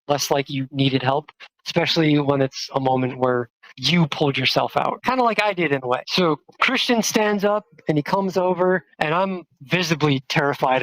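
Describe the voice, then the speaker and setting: A trans woman, telling a personal story in a casual, chatty way, full of "like" fillers, with quotes acted out in a higher voice. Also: no room sound, low-quality recording. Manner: chatty, many "like" fillers, acts out quotes with jumps in pitch. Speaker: storyteller, activist.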